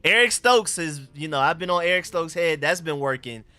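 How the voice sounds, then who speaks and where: A man's voice: on the high side, expressive, fairly quick, bright, forceful tone, dry recording. A young man hosting a live sports reaction stream, hyped and slangy, repeating himself as he reacts to the game. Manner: hyped, repeats phrases, slangy street talk.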